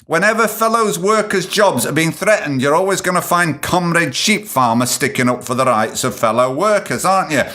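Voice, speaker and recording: A man's voice: fairly high pitch, lively intonation, normal speed, hardly any pauses, pushed and bright. A man hosting a solo podcast, ranting sarcastically and swearing as he rambles between points. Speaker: podcast host.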